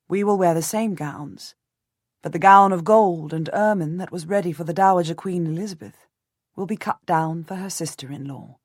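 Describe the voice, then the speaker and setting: Low-voiced woman narrating an audiobook. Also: a little mellow, no room sound, studio quality. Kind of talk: first-person scripted narration.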